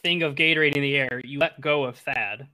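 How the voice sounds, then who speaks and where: A man's voice: medium pitch, fairly even intonation, a little fast, pushed and bright. A young man narrating as game master, talking loosely with lots of fillers and laughing easily.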